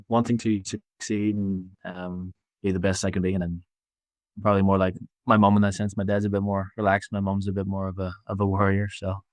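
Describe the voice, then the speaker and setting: A man in his twenties with a Belfast accent, talking casually as an interview guest, relaxed and halting with many fillers. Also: low voice, dry recording. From Northern Ireland. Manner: easygoing, halting, lots of fillers and restarts. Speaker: basketball player guest.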